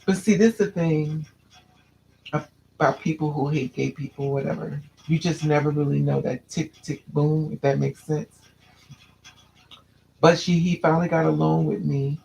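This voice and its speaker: Man, fairly high gravelly voice, recounting a painful past in a candid, halting way. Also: steady tone, mellow, slight background noise, rough recording. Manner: candid, restless, repeats and restarts phrases. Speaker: storyteller. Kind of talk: personal storytelling to a listener.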